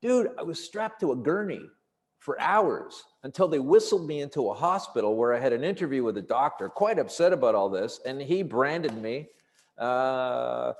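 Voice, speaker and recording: Comic, male, mid-pitched, swears freely and plays every character in his stories, long room reverb. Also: moderate pace. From Canada. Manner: animated and profane, acting out quoted people. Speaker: comedian guest. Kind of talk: storytelling in casual conversation.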